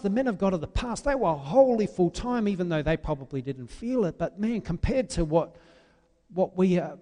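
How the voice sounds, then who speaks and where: A man preaching an impassioned sermon, swinging between loud, drawn-out pleas and quiet, confessional asides. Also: high voice, long reverb tail.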